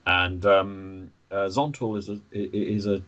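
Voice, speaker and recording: A man talking as a podcast guest, animated, often stammering and restarting his sentences. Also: low-pitched, unhurried. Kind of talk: conversational podcast interview.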